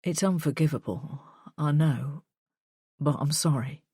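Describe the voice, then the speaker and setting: A woman reading the part of a remorseful, desperate dying man in an audiobook thriller, speaking in a hushed, earnest plea. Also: fairly high pitch, a little slow, breathy edge, no echo, studio quality, heavily acted. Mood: pleading. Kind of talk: audiobook dialogue.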